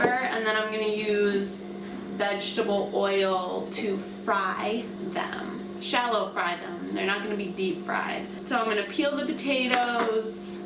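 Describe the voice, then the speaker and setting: A woman's voice: fairly high pitch, reverberant, far from the mic, heavy background noise. A woman hosting her own cooking vlog, chatting casually and unsure of herself as she cooks in a home kitchen. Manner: chatty, unsure, self-deprecating while working. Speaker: cooking vlogger.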